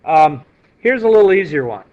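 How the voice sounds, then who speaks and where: A man's voice: on the high side, big pitch swings, moderate pace, roomy sound. Man teaching a geometry lesson. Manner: walks students through steps, asks them questions. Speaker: math teacher. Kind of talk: classroom lecture while drawing on the board. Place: classroom. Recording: dull lo-fi classroom recording with faint hiss.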